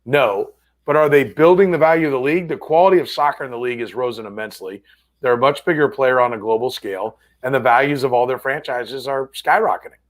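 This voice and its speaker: A man's voice: medium pitch, fast. A man hosting a sports podcast, chatting casually and rambling through stories with many restarts. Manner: rambling, self-correcting storyteller. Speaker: sports radio host. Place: studio.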